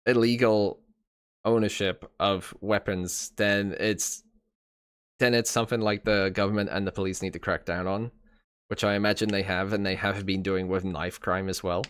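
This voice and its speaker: A man's voice: on the low side, little pitch movement, moderate pace, a bit bright, clean tone. A man from England who speaks with an American-sounding accent, giving his views in a rambling way on a live stream. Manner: rambling, many fillers and restarts. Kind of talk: casual live-stream chat.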